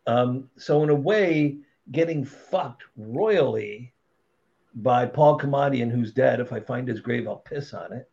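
A middle-aged man tells stories in a casual, blunt way, swearing freely and getting animated as he goes. His voice sits at an ordinary pitch, and the sound is dull and lo-fi. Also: unhurried. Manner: blunt, profane, animated storytelling. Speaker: podcast guest. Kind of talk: casual storytelling.

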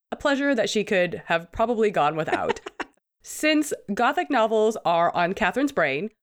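A woman co-hosting a podcast in casual chat, her voice still a bit sick, laughing between points. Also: mid-range voice. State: sick, hoarse-sounding voice. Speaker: podcast co-host.

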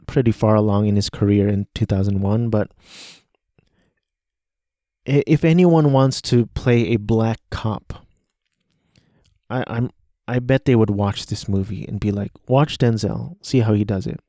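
A man's voice: fairly low pitch, a little slow, pauses often, mellow, no room sound, studio quality. A man hosting a casual solo podcast, talking through a movie he watched, rambling and hesitant with many restarts. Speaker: podcast host.

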